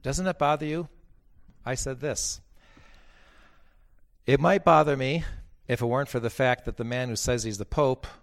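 A man's voice: mid-range voice, normal speed, vocal fry, pauses often. A man speaking as a bishop, telling stories in a blunt, emphatic preaching talk that repeats its points.

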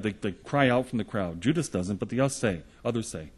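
Male preacher, husky timbre, earnest storytelling sermon delivery. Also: mid-range voice, brisk, hardly any pauses. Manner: earnest storytelling, retelling gospel scenes in the present tense.

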